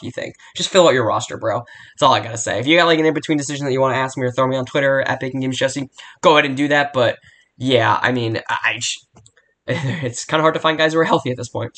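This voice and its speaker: A man's voice: mid-range voice, a bit bright. A young man hosting a casual solo sports podcast from home, talking bluntly and rambling with frequent restarts and swearing. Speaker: podcast host. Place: home room near a barking dog.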